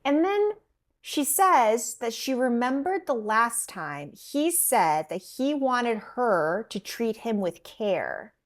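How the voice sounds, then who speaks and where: A woman's voice: a little high, slow pace. A woman co-hosting a podcast, chatting casually and acting out lines as she recaps a drama episode. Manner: animated storytelling, acts out quotes. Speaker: podcast co-host.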